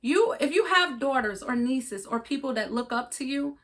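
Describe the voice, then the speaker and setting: A woman's voice: sits high, expressive, normal speed. A woman co-hosting a casual chat, giving earnest, coaching advice and laughing often. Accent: regional accent. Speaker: podcast co-host.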